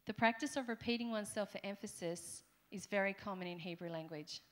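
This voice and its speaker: In a church hall, an Australian woman in middle age gives a conversational sermon peppered with playful asides to her listeners. Her mid-range voice moves briskly, with hardly any pauses.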